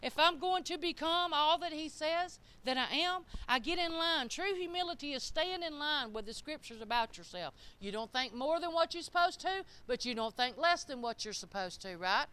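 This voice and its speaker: A middle-aged woman preaching a sermon in a church, emphatic and swinging up to shouted peaks. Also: high-pitched, expressive, moderate pace, hardly any pauses.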